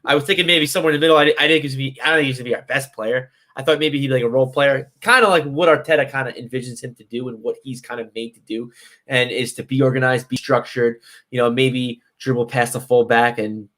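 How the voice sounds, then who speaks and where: A man's voice: medium pitch, steady tone, fast, sharp tone. Easygoing, rambling man talking football. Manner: rambling, full of fillers and restarts, easygoing. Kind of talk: casual football chat.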